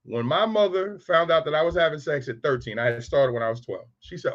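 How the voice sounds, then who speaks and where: A man's voice: a little high, fairly quick, a bit bright, muffled recording. A man in his fifties telling frank, streetwise stories about raising boys. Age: 50s. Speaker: speaker on raising sons. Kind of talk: candid storytelling talk.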